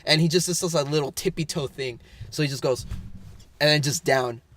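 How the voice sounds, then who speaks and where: A man's voice: fairly high pitch, brisk, a bit bright. A man, a podcast co-host, telling a rambling story in casual chat with lots of fillers and bursts of laughter.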